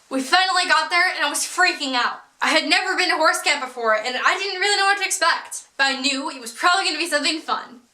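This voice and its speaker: A young woman telling a storytime vlog in an animated, self-mocking way with frequent laughs. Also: sits high, reverberant. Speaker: vlogger.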